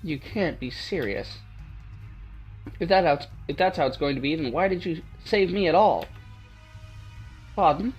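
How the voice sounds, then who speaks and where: A man's voice: sits high, a little mellow, breathy edge, pitched above the performer's own voice, heavily acted. A man voicing a desperate young woman who has escaped slavery, in a pleading, distraught put-on British accent.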